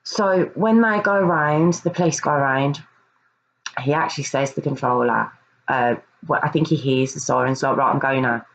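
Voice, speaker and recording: A woman's voice: low-pitched, normal speed, rough recording. A woman earnestly recounting a true crime case in a casual review, often hesitating and repeating words.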